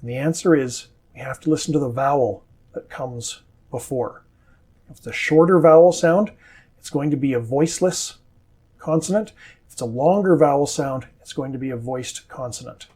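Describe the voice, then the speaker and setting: A man with a North American accent teaching English pronunciation, saying model words slowly and carefully. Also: mid-range voice, a little mellow, breathy edge. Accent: standard North American. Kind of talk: scripted pronunciation lesson.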